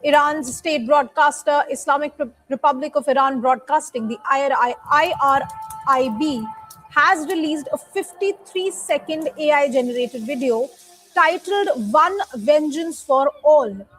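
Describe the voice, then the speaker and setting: A woman with a high voice reads out a news report. She stumbles over a few words and restarts, then carries on in a plain reporting tone. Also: unhurried, fairly bright tone, poor audio. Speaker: news reader in a played clip.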